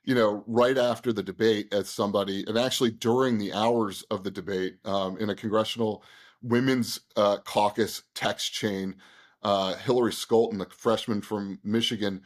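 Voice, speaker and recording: A man, a guest on an interview show, recounting events in a conversational, animated way, with frequent fillers and quick restarts. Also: lowish voice. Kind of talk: conversational storytelling.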